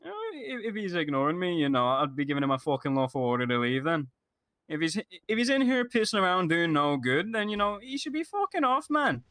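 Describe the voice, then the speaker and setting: A man's voice: on the high side, very animated, fairly quick, a bit bright, no room sound. A man playing a cocky, foul-mouthed cop applicant. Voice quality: profane, cocky, rambling. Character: crude laid-back male police applicant. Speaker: job applicant in role-play. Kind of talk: in-character game role-play.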